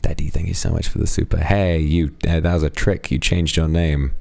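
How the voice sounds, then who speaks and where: A man's voice: flat delivery, a little fast, darkish tone, no room sound. A man streaming live, casually thanking donors and chatting with affectionate, playful asides. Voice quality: very deep, gravelly voice. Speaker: streamer reading donations.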